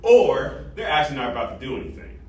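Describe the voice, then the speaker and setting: A man lecturing an ethics class, animated and interactive, quizzing students and tagging sentences with "right?". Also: mid-range voice, quick pace, recorded from a distance. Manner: animated, asks the class questions, frequent "right?". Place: large echoey classroom. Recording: echoey classroom recorded from afar.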